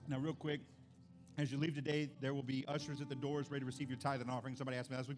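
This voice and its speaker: A pastor, preaching and telling stories in an animated, excited way. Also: male voice, medium pitch, racing, music in the background. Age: 40s. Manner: animated storytelling, builds to excited shouts. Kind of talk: sermon.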